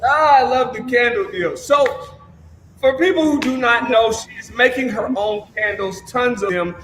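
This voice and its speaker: A man hosting a livestream show in a loud, upbeat, slangy way, often yelling. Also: very high voice, unhurried, a little hiss or hum. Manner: energetic, yells a lot, slangy. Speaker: show host. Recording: echoey room with a long reverb.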